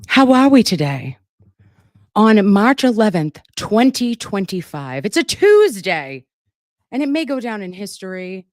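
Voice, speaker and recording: Sassy woman on a home livestream, swoopy voice, talks slow, dry close mic. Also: mid-range voice, dry recording. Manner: sassy, profane, animated banter with viewers. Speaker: livestream host, legal nurse consultant. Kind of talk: casual livestream chat. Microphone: desk microphone.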